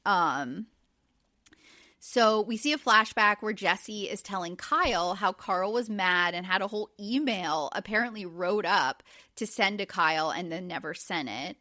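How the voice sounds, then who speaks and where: A woman's voice: medium pitch, unhurried, no room sound, clean studio sound. A woman in her forties, a podcast host, recapping in casual chat with lots of fillers. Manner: chatty, animated, many fillers.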